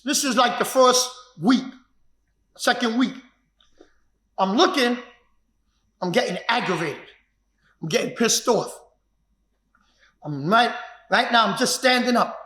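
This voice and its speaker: A martial arts instructor telling his own story in an emphatic, repetitive way that builds to shouts. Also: extremely high pitch, lively intonation, takes it slowly, long pauses. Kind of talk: personal storytelling. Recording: echoey room.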